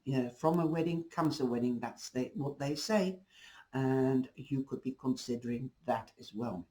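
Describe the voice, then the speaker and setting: Hoarse, mellow-voiced tarot reader. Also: male voice, mid-range voice, moderate pace, poor audio. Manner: rambling, reassuring, restarts often. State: losing his voice. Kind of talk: casual tarot reading to camera.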